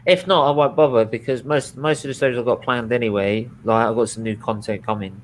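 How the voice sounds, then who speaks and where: A man's voice: mid-range voice, a little fast, a little hiss or hum. A man chatting casually on a video call, blunt and trailing off. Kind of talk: casual chat.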